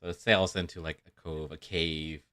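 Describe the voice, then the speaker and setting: A man's voice: extremely low pitch, flat delivery, moderate pace, sharp tone, dry recording. A man running a tabletop game as game master, laughing often and hesitating with fillers. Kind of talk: narrating a tabletop game over a call.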